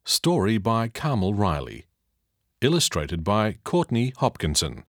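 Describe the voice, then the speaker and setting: A man narrating a children's read-along audiobook in a slow, expressive reading style. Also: on the low side, no room sound, clean studio sound.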